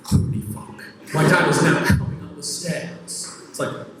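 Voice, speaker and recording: A man's voice: on the high side, fairly even intonation, normal speed. A young man performing stand-up, telling a rambling, self-mocking story full of restarts, recorded in a comedy venue. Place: comedy venue with a laughing audience. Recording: roomy hall audio from far off, loud audience noise.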